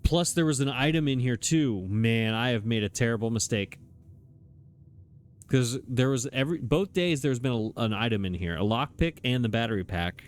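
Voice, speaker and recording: A man's voice: mid-range voice, normal speed. Chatty man thinking aloud over a game. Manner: thinks aloud, hesitant, chuckles at himself. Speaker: let's play host. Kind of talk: casual gameplay commentary. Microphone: desk microphone.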